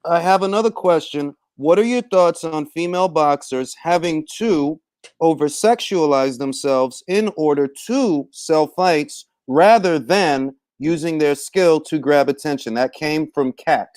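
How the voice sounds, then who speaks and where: Host: a high, lively male voice, slangy and swearing, in a dry room. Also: measured pace, clean tone, no room sound. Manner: animated, swears a lot, slangy. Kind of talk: casual interview chat.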